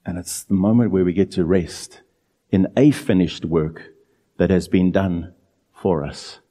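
A man preaching a sermon in an earnest, emphatic way, drawing out key phrases slowly. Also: low voice, fairly even intonation, mellow, long reverb tail.

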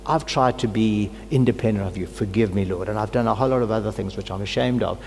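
A man's voice: lowish voice, fast talker, vocal fry, a little mellow. A middle-aged man who is a pastor, preaching a personal sermon with earnest, fervent prayer and a cold. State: has a cold. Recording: long hall reverb, faint hum.

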